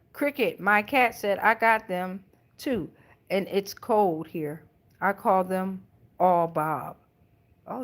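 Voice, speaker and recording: A middle-aged woman, hosting a casual tarot livestream, reading chat comments in loose, profane slang and laughing often. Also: medium pitch.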